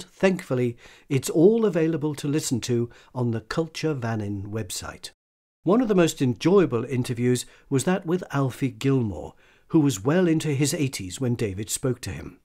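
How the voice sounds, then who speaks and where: A male radio presenter reading a scripted, fond tribute in a measured, even delivery. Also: mid-range voice.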